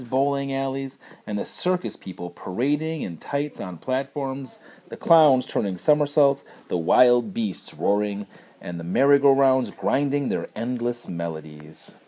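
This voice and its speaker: A man narrating a children's story with expressive, storytelling delivery. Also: mid-range voice. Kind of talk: storybook reading.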